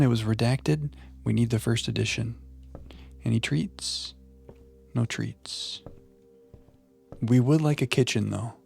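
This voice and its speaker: A man streaming a puzzle game live, chatting playfully with viewers and thinking out loud. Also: medium pitch, gravelly, slightly rough. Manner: playful, chatting to viewers while musing aloud. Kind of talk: live gameplay commentary.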